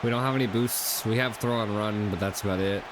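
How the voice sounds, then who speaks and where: A man's voice: fairly low pitch, steady tone, a little fast, background noise. A congested man hosting a gaming video, chatting casually and thinking aloud with fillers as he plays. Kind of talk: casual gameplay commentary.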